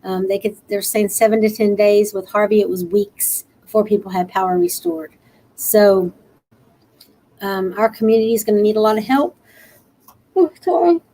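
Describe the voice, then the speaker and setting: Hosting an encouraging live stream, an earnest Texan woman sounds a bit worn and tired after a long night, yet laughs easily between urging others to help. Her mid-level, mellow voice moves at a normal speed, and the recording is rough.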